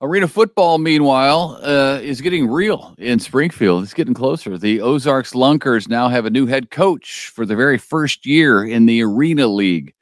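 A man's voice: medium pitch, lively intonation, normal speed, hardly any pauses, no room sound, studio quality. A man co-hosting a casual local news show, easygoing and teasing, with frequent fillers.

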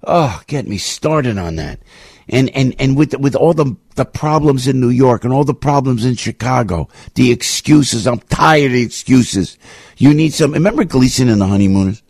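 A male radio show host delivering an impassioned, ranting commentary monologue, full of rapid restarts, into a studio microphone. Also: mid-range voice, animated, vocal fry, darkish tone, slightly rough, no echo.

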